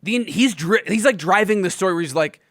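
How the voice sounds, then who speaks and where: High-voiced guy, really bouncy, jumping in on a comics podcast chat, dry mic. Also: fairly quick, dry recording. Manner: animated, laughing, jumps in with acted quotes. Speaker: podcast co-host. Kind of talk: casual chat about comics.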